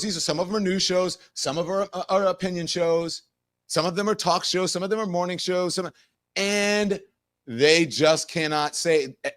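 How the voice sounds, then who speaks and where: A middle-aged male host tells a story in a casual, animated monologue. His voice sits a little high for a man, and he acts out the voices of the people he quotes. He swears freely and talks like he is chatting with his audience. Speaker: show host.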